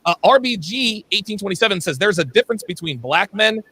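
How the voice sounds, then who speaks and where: Excitable bright-voiced man hosting a livestream. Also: sits high, brisk, husky. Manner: loud, excitable, swearing freely. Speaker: livestream host reading super chats. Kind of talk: casual panel chat.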